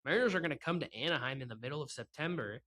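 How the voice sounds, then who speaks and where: A man's voice: a little high, animated, rapid-fire, sharp tone. A man hosting a solo sports podcast, ranting sarcastically and in exasperation, often breaking into laughs while talking into a laptop microphone. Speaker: podcast host. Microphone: microphone with laptop and camera.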